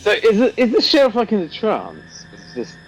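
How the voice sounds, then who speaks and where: A man's voice: sits high, huge pitch swings, normal speed, soft background music, rough recording. A man playing in a tabletop game, asking eager questions and laughing often. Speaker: player.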